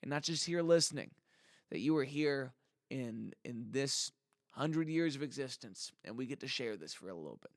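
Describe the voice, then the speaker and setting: A man talking straight to his viewers in a loose, rambling monologue. He drifts between sincere gratitude and goofy asides. His voice sits at an everyday middle pitch, and the sound is dry and close, with no room echo. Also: animated, normal speed. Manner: rambling, heartfelt and jokey. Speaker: musician vlogger. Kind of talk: casual monologue to camera.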